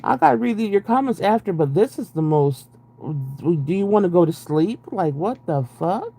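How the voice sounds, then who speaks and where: High-pitched, husky, gravelly and warm, this young man's voice is animated at a moderate pace as he reads a book on a live stream. He breaks away from the reading for profane, exasperated, sarcastic commentary.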